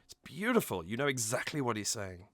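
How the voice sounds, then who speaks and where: Speaking at a medium pitch, this man is very animated, fairly quick and fairly bright as he reacts to a cover song. He's a music reaction YouTuber whose enthusiastic analysis spills into gushing praise, with hummed and sung bits of melody to illustrate. There's no room sound.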